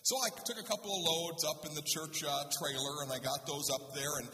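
A male pastor telling a humorous story in a sermon, animated and lively. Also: fairly high pitch, a little fast, a little hiss or hum. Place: church sanctuary. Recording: roomy church hall, voice from a distance.

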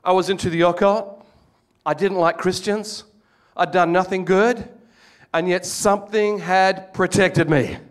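A man's voice: high voice, fairly even intonation, unhurried. A man telling his life story as a testimony sermon to a congregation, earnest, often restarting and repeating words. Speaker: guest speaker giving testimony.

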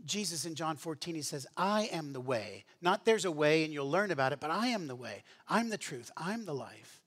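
A man's voice: on the high side, big pitch swings, moderate pace, a bit bright. A man preaching a sermon in an earnest, conversational teaching manner, often restarting his phrases. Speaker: pastor.

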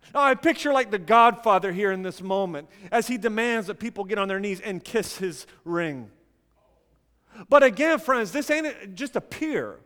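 High-voiced man preaching slowly in a hall. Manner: emphatic preaching, dropping to quiet intensity. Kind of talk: sermon.

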